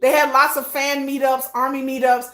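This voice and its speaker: Livestream host, woman from Texas; bright high voice in a roomy space, animated, chats with viewers. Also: normal speed. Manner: animated, talks to chat viewers, drawls into casual slang. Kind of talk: casual livestream chat.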